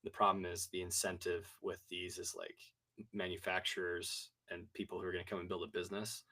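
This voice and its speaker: A man's voice: low-pitched, little pitch movement, brisk, bright, forceful tone. A man co-hosting a casual marketing chat over a video call, rambling with frequent restarts. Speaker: co-host.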